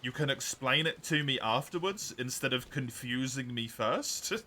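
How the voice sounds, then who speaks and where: A man's voice: mid-range voice, moderate pace, sharp tone, slight background noise. A man streaming a game live, chatting with his viewers in a blunt, sarcastic way and swearing freely. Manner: blunt, swearing, sarcastic mock-formal asides. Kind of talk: casual live-stream chat while gaming.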